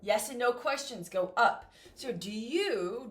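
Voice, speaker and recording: A woman teaching English to beginners, speaking slowly and clearly with exaggerated intonation. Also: fairly high pitch. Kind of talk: slow beginner ESL lesson.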